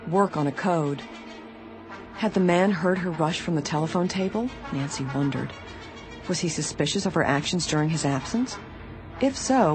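An audiobook reader narrating a mystery novel in an even, measured way. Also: medium pitch.

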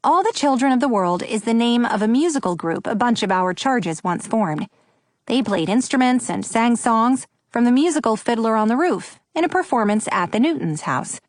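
Woman, audiobook narrator, first-person children's story, expressive, lively pitch, dry close mic. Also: moderate pace, no room sound.

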